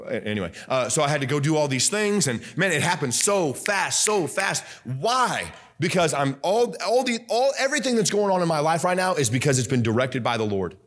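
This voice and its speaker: A young man preaching a fiery Baptist sermon, loud and emphatic, repeating scripture lines and swinging from soft asides up to high, excited preaching. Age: young adult. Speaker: pastor.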